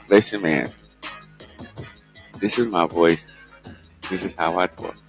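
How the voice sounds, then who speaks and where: A young man hosting a casual news chat show, talking in a laid-back, joking, low-key drawl. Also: slow pace, over music. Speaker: podcast host.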